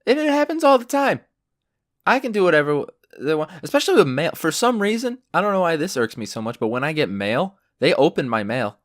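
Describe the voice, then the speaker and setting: A man's voice: on the high side, animated, quick pace, hardly any pauses, a bit bright, dry recording, studio quality. A young adult man hosting a solo podcast, telling stories in a profane, ranting way. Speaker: podcast host.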